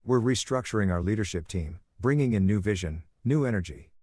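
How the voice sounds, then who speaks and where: A man voicing a cold older company boss who speaks in a measured corporate tone. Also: fairly low pitch, expressive, a little mellow, no echo.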